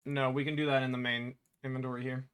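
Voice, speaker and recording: A man developing a game, thinking aloud in a halting way, correcting himself as he works and muttering to himself. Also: mid-range voice, level tone, fairly bright tone, clean tone. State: hiccuping. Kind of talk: thinking aloud while working.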